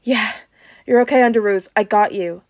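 A woman's voice: mid-range voice, moderate pace, no room sound, studio quality, lightly acted. A woman doing a cocky, protective older man. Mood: urgent. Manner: teasing, urgent when commanding. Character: cocky, protective middle-aged male genius.

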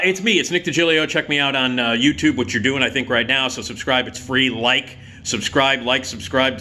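A man in his fifties hosts a casual storytelling vlog on YouTube, his medium-pitched voice sounding pushed and bright. He rambles, swears freely, and uses lots of filler words.

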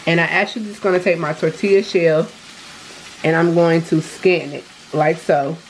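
A woman's voice: on the low side, fairly even intonation, moderate pace, a little hiss or hum, poor audio. A woman vlogging casually from her home kitchen, chatting upbeat to viewers and calling them y'all. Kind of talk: casual vlog chat.

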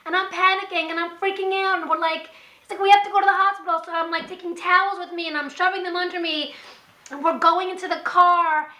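A woman in her thirties telling her own story in an animated, rambling way, often restarting her sentences. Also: very high voice, fairly quick. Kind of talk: personal storytelling to camera. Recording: echoey room.

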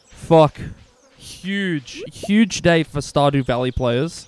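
A man in his twenties doing casual gameplay commentary, excitable, swearing and joking at his own expense. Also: a little high, slow pace, smooth. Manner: excitable, swearing, self-mocking jokes. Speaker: gaming streamer.

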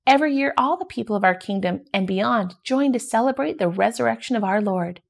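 A woman reads the part of a gentle king explaining things to his daughters, close to her own narrating voice. A gravelly fry runs through it. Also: fairly high pitch, expressive, a little fast. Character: kind, gentle king and father.

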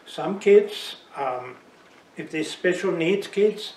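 A man from South Africa leading a church Bible study, talking in a conversational, gently teaching way. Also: on the high side, animated, slow pace, slight background noise. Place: church room. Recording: echoey room from far off.

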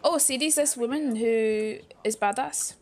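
A woman's voice: fairly high pitch, a little hiss or hum. A young Scottish woman from Fife chatting playfully with her viewers while streaming a game. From Scotland. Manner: playful, chatty, quick asides to chat. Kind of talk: casual gameplay chat.

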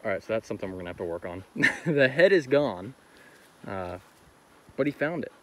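A man's voice: on the low side, very animated, brisk, a bit bright. A man hosting his hunting channel, chatting casually and easily with plenty of fillers while out in a field by water, recorded on a handheld camera. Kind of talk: casual outdoor vlog talk. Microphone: handheld camera mic. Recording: outdoor recording, clear background noise.

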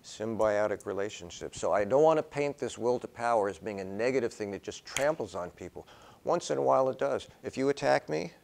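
A man's voice: medium pitch, expressive, a little fast, gravelly, a little mellow. An older man, a professor giving a conversational classroom lecture that wanders into personal stories and acted-out dialogue. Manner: acts out dialogue in quoted voices. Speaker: philosophy professor.

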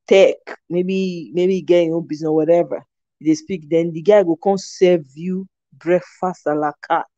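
Animated Nigerian woman, laughing often. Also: fairly low pitch, no echo, lo-fi sound. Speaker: host. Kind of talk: casual commentary reading viewer comments.

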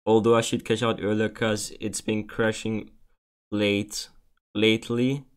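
A man's voice: on the low side, little pitch movement, a little slow, smooth. A young man giving casual commentary over a betting game, agitated, swearing and pleading over and over. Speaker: gaming streamer.

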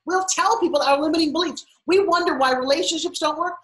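Fast-talking emphatic woman. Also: very high voice, echoey room, poor audio. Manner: emphatic, animated, playful asides. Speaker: podcast guest, mother. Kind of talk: energetic motivational talk.

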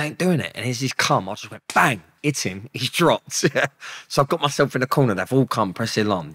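A London-accented man, a guest in an interview, tells stories bluntly and in slang, swearing a lot and acting out what people said. His voice is on the low side with a fairly bright tone, recorded dry.

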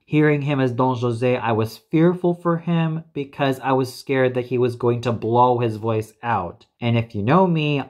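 Male opera critic, mid pitch, deliberate and opinionated delivery, reads a prepared review. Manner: measured, opinionated, lists names carefully. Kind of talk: scripted spoken review.

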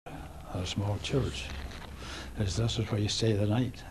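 A Northern Irish man in his eighties, a war veteran recalling events in a halting oral history interview with restarts and soft chuckles. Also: on the low side, fairly even intonation, noisy background. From Northern Ireland. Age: 80s.

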